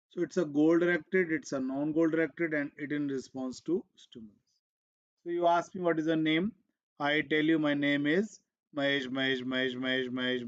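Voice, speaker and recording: A man teaching an exam revision class, who explains slowly and repeats himself, switching into Hindi now and then, and keeps coughing and clearing his throat. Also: a little high, muffled recording. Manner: slow, repetitive explaining, switching into Hindi asides. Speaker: medical exam coaching teacher. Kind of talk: live exam revision lecture.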